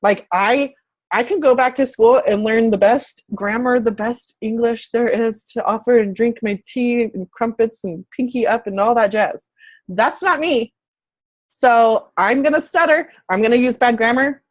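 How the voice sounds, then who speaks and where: Casting: candid woman coach in her thirties, slightly high voice, casual vlog talk. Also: unhurried. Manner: candid, chatty, swears casually. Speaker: fitness coach. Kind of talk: casual motivational talk to camera.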